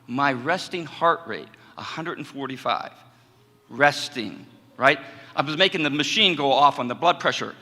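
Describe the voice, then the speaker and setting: A man's voice: medium pitch, normal speed. A middle-aged man, a communication professor, giving a conversational personal testimony to a college audience in a chapel hall. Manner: storytelling, animated and conversational.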